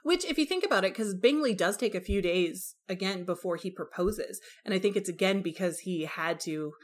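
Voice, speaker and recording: Brief: woman podcast co-host, casual book chat, lively, plays out characters' lines. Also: medium pitch, a little fast. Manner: animated, acts out characters' lines.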